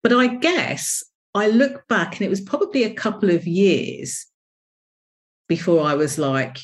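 Candid, low-voiced woman telling stories. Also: unhurried. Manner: candid, expressive storyteller. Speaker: interview guest, business coach. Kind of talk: reflective personal storytelling.

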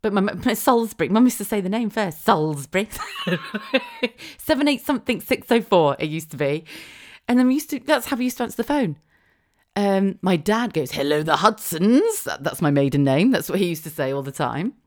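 A middle-aged woman hosting her own podcast, talking casually on her own, with quick asides, rhetorical questions and frequent laughs. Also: medium pitch, expressive, a little mellow. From England (Wiltshire). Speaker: podcast host. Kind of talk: casual solo podcast monologue.

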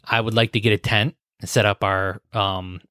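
A man's voice: on the low side, little pitch movement, moderate pace, bright, forceful tone, clean tone, no echo, studio quality. A man co-hosting a podcast in a laid-back, wry manner. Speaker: podcast co-host. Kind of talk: casual chat.

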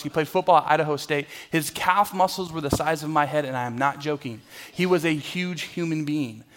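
A young adult man preaching a sermon in a church, telling a personal story with lively, acted-out voices before leading a prayer and a Bible reading. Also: on the high side. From Southern California. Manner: animated storyteller, acts out voices. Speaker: pastor.

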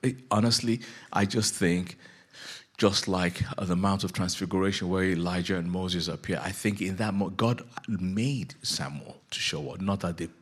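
A man preaching a sermon as pastor, telling a Bible story in a jokey, animated way with a husky voice. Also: low voice, normal speed.

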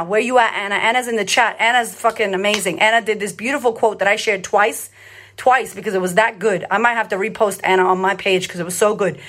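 A woman's voice: medium pitch, a bit bright. Blunt, swearing woman on a live stream. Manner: blunt, swearing, emphatic and repetitive. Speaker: confidence coach and host. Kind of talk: casual live-stream talk.

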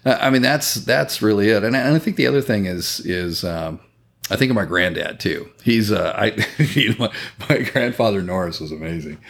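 A man's voice: on the low side, animated, brisk, creaky, a bit bright. A man talking in a casual podcast conversation, earnest and reflective, swearing now and then.

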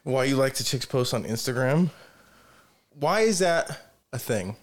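A man's voice: mid-range voice, lively intonation, measured pace. A man co-hosting a podcast, speaking bluntly and opinionated in casual chat, swearing often. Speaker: podcast co-host.

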